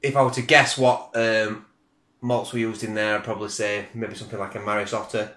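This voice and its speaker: A man's voice: fairly low pitch, level tone, fairly quick, fairly bright tone. A middle-aged man, reviewing beer in a chatty, rambling, self-deprecating way, recorded at home on a camera mic. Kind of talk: casual video review. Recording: roomy home room echo.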